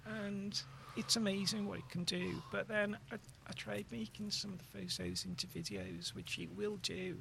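Gravelly older woman, matter-of-fact, faint noise behind. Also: mid-range voice, fairly even intonation, moderate pace, hardly any pauses, a bit bright. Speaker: group discussion member. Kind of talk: casual chat.

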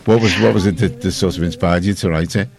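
Older Scouse male host, rambling and friendly, fillers, lowish voice. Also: fairly even intonation, creaky, darkish tone, rough recording. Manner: chatty, halting, many fillers. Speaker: radio host. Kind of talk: casual studio interview. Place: radio studio.

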